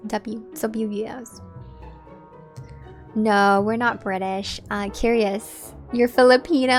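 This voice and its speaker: A woman's voice: fairly high pitch, steady tone, slow pace, faint music behind. A woman live-streaming a game, chatting casually and directly with her viewers. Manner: chatty, talks straight to her chat.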